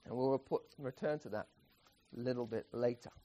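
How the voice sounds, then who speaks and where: A man's voice: mid-range voice, fairly quick, mellow. A man preaching an expository sermon, emphatic, often restarting phrases and chuckling.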